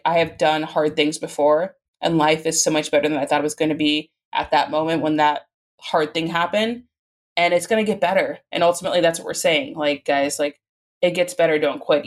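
A woman in her thirties speaks as a podcast guest in a low, deep voice. Her manner is casual and enthusiastic, with many "like"s. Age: 30s. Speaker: guest, content creator. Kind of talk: podcast interview.

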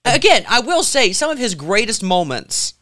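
A man's voice: high voice, big pitch swings, normal speed, bright, forceful tone, no echo, studio quality. A man co-hosting a podcast, talking through politics in casual, joking banter. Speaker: podcast co-host.

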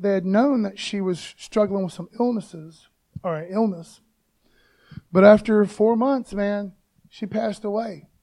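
A man's voice: sits high, warm tone. A man preaching an informal devotional talk, fired up and casual, calling listeners "man" again and again.

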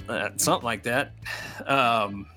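A man chatting on a casual podcast, his voice bright and forward. He rambles through fillers and restarts, teasing his co-host, with faint music under the talk. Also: mid-range voice, unhurried.

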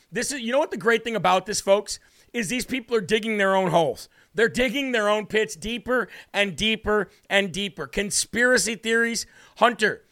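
Man, host, political commentary, high bright voice, combative, mocking.

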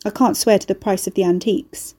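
A woman voicing a bulky old house that has taken human form, speaking slowly, haltingly and apologetically. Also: mid-range voice, fairly even intonation, warm tone, close to an everyday voice. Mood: helpful.

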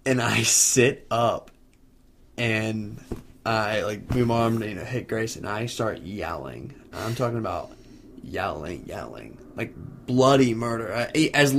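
A man's voice: mid-range voice, measured pace, background noise. A man co-hosting a casual podcast, telling a story and laughing his way through it. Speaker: podcast co-host. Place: video podcast set.

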